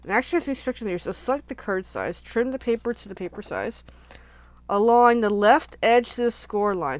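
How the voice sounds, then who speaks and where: Sing-song and mid-range at a moderate pace, a craft channel host talks through a casual live session at her craft desk. She chats, rambles, and thinks aloud while she works, captured in a dry recording.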